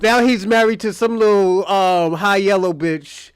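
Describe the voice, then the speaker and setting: A man's voice: high-pitched, a little slow, clean tone, no room sound. A man hosting a live stream, telling crude stories in casual talk and laughing often.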